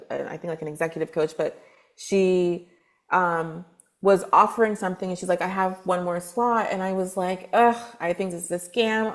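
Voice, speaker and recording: On a lively podcast interview, a spiritual advisor from Texas, USA, shares her story. Her voice is on the low side, and she talks chattily with plenty of filler words.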